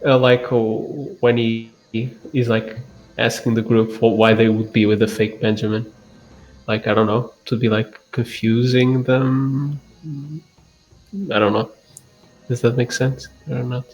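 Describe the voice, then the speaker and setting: A man's voice: medium pitch, little pitch movement, a little slow, faint music behind, low-quality recording. A man playing a tabletop role-playing game, asking hesitant questions about the rules. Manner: hesitant, asks rule questions. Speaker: player.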